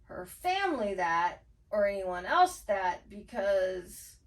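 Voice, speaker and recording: A woman co-hosting a casual book club podcast, talking emphatically and chiming in with quick agreement. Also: medium pitch, very animated, distant mic. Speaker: podcast co-host.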